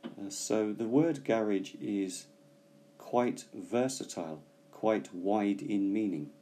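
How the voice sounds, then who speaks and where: A low-voiced, mellow man leads a relaxed English vocabulary lesson that mixes two languages. His pace is slow and thoughtful, broken by frequent pauses and fillers as he works through his thoughts out loud.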